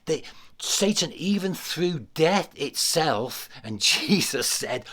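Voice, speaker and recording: A man's voice: fairly high pitch, sing-song, slow pace, breathy edge. Man preaching an emphatic sermon. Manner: emphatic preaching, repeats key phrases, rising to loud declarations. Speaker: pastor. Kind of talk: livestreamed sermon. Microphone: speaking to a camera.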